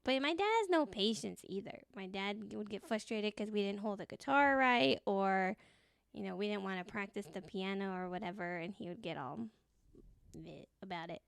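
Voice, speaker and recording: A woman's voice: medium pitch, normal speed, gravelly, clean tone, no echo, studio quality. A woman co-hosting a casual podcast chat, giggly and loose, swearing freely. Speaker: podcast co-host.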